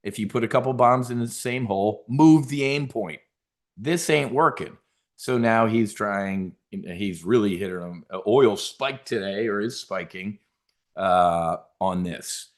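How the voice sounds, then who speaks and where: A man's voice: fairly low pitch, measured pace. Blunt, profane middle-aged male host. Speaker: trading show host. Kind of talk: live market commentary.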